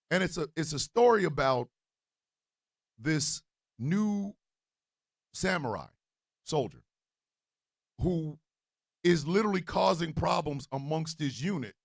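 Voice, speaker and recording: Animated gravelly man telling a comic story. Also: unhurried, pauses often, dry recording, clean studio sound. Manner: animated, swings from low mutters to loud outbursts. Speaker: podcast host telling a story. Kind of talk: comedic storytelling monologue.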